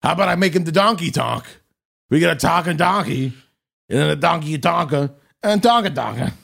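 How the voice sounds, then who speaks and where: A man's voice: fairly high pitch, lively intonation, brisk, vocal fry, fairly bright tone, pitched above the performer's own voice, heavily acted. A man mock-voicing a flustered male god who rambles about how to get a message across. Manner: raised, babbling mock-indignant.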